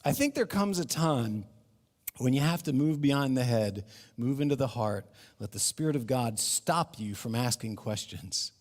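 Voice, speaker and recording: A middle-aged man preaching a sermon in a church, animated and acting out the crowd's questions. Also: medium pitch, measured pace. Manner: animated, acts out crowd voices, laughs between points. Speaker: pastor. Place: church sanctuary. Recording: long reverb of a hall.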